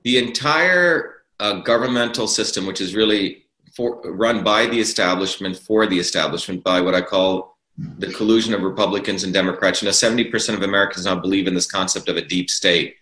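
A man's voice: low voice, fairly quick, pushed and bright. Emphatic man in a roomy echo. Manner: emphatic, repeats key words for stress. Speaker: interview guest. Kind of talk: political argument in an interview.

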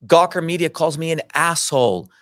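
A man's voice: a little high, normal speed, no room sound, clean studio sound. A middle-aged man telling his own story in an interview, indignant, emphatic and full of swearing. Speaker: interview guest. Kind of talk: heated personal storytelling.

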